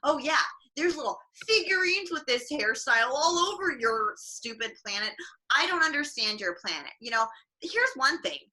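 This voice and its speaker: A woman's voice: sits high, sing-song, normal speed, pushed and bright, heavily acted. A woman comedian playing a jaded middle-aged space princess and mother, griping in a sardonic stand-up set. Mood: weary griping. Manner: sardonic, griping, mock-weary asides. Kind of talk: in-character stand-up. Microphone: livestream mic.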